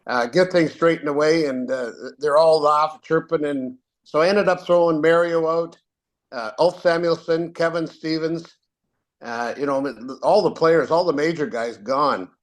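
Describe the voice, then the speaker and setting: A man's voice: a little high, fairly even intonation, a little slow. An older Canadian man, a retired referee, telling rambling anecdotes with many fillers and restarts. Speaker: guest, retired hockey referee. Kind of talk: casual storytelling.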